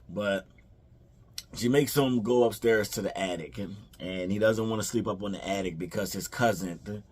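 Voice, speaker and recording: A man's voice: on the low side, a little slow, pauses often, a little mellow, slightly rough. A man casually retelling a film's plot for a review, rambling with fillers and restarts and quoting the characters. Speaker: movie reviewer. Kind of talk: casual movie recap.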